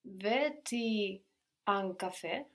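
A woman taking part as a student in a language lesson, giving slow and careful answers. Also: mid-range voice, lively intonation, creaky.

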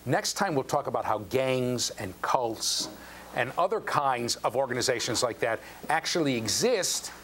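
A man's voice: medium pitch, normal speed. An older man lecturing a university class, telling stories and acting out the quotes, often checking in with the students. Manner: animated storyteller, acts out quotes, asks the class questions. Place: lecture hall. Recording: faint background noise and hum.

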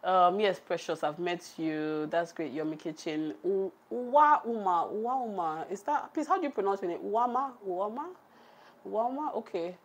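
A woman with a Nigerian accent who is chatty and laughs often. She cooks on camera, reads out the live chat and talks to her viewers. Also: medium pitch. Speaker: cooking vlogger. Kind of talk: casual chat on a cooking livestream. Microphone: camera on a tripod.

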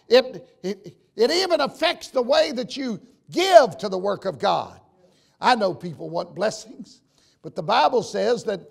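An older man preaching a sermon and telling stories, dropping to a hush and rising to shouts. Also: sits high, animated, a little slow, gravelly. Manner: storytelling preacher, swings from hushed to shouting. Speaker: pastor.

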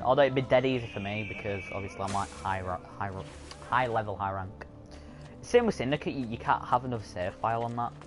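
A man chatting casually and rambling over his own gameplay as a streamer. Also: mid-range voice. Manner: chatty, rambling, self-correcting. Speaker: gaming streamer. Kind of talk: casual let's-play commentary. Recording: game music playing behind.

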